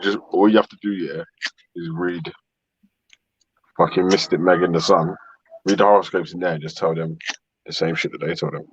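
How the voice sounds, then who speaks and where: A man's voice: low-pitched, steady tone, moderate pace, long pauses, breathy edge, dry recording. A man in casual podcast chat, teasing and laughing a lot. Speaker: podcast co-host. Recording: dull lo-fi audio.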